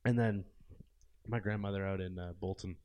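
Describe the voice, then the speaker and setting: A man's voice: low voice, fairly even intonation, normal speed, highs cut off, slight background noise. A man hosting a podcast, rambling and swearing in casual chat with frequent laughs. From Canada. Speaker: podcast host.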